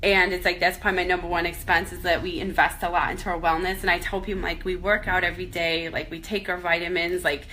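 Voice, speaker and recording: A woman sharing a painful family story in a personal vlog, tearful and halting, often restarting her sentences. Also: lowish voice, little pitch movement, bright, forceful tone. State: crying at times. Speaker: vlogger.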